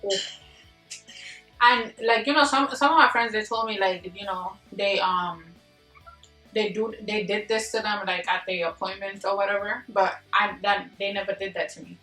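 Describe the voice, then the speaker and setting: A young woman tells a story straight to her camera, casual and slangy. She laughs as she goes and acts out the voices of the people in it. Her voice sits at a middle pitch and rings around an echoey room, picked up from a little distance, with faint music behind. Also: fairly bright tone. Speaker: vlogger. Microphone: camera mic from a distance.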